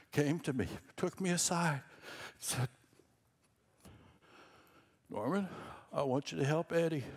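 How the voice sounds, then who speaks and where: Slow, rambling middle-aged pastor. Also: male voice, a little high. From Minnesota. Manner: conversational, rambling, self-deprecating asides. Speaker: senior pastor. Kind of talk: sermon.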